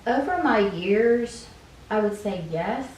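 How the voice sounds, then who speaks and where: Earnest woman teacher, mid pitch; far mic in a very echoey room. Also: animated, slow pace, a little mellow. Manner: earnest, talks in rhetorical questions. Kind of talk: interview answers. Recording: very echoey room, distant mic, faint noise.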